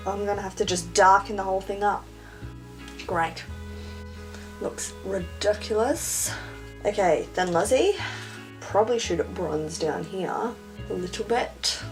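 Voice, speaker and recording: A young woman chatting casually and self-mockingly through a makeup tutorial. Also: medium pitch. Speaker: beauty vlogger.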